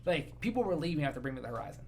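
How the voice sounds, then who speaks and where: A man's voice: a little high, very animated, racing, vocal fry. A man co-hosting a podcast, telling rambling, profane stories with enthusiasm in casual chat. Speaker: podcast co-host.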